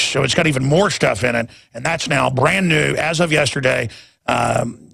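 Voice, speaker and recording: This talk radio host, a man in his forties, has a medium-pitched, husky voice with vocal fry, a bright quality, and a forceful tone, and he talks a little fast. His monologue is impassioned, intense, and emphatic, and he trips over repeated words when worked up.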